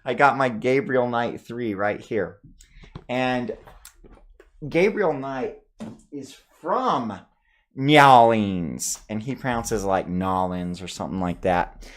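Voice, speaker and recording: A man's voice: medium pitch, animated, takes it slowly. A man in a casual accent tag video, playfully thinking aloud about how he says each word, recorded in a small home studio. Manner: playful, musing aloud over his own pronunciations. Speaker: vlogger.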